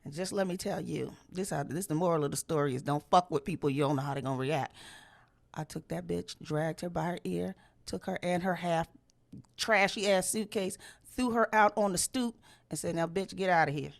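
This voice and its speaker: A woman telling a story in casual chat, animated and profane, and she jumps into loud high voices when she quotes people. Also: normal speed, creaky. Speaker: storyteller host.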